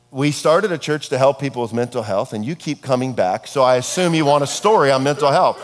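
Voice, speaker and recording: Middle-aged pastor preaching in a hall. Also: male voice, on the high side. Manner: casual, conversational storytelling with dark humor. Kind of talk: sermon. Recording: long reverb of a hall.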